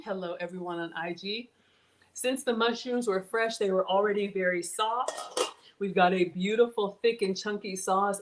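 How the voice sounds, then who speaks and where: A woman's voice: medium pitch, poor audio. Lady cooking live, chatty, reads off comments, bit of faint noise behind her. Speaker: host of a live cooking stream. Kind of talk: casual live cooking chat.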